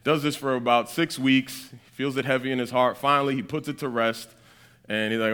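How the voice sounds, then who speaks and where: Bright-voiced animated male preacher. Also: medium pitch, brisk, clean tone. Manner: animated, keeps checking in with "right?". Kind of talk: storytelling sermon.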